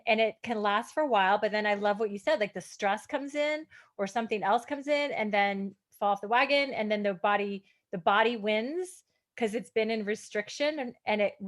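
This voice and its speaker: A woman's voice: fairly high pitch, fairly bright tone. A woman hosting an interview, playful and self-mocking, and she laughs easily. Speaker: host. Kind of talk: casual interview talk.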